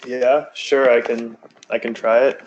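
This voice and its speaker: A man's voice: mid-range voice, level tone, measured pace, a little hiss or hum. A man reading sentences aloud carefully as a student in an online language class. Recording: dull lo-fi call audio from far off.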